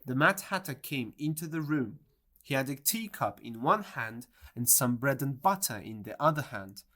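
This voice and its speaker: A narrator reading a children's storybook audiobook in a plain, measured way. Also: mid-range voice, animated, a bit bright.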